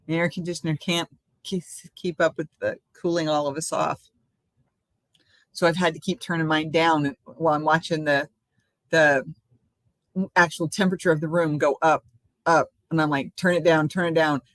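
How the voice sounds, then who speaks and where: A woman's voice: low-pitched, little pitch movement, moderate pace, long pauses, dry recording. An older woman hosting a casual live stream, chatting in a rambling way from home and laughing often.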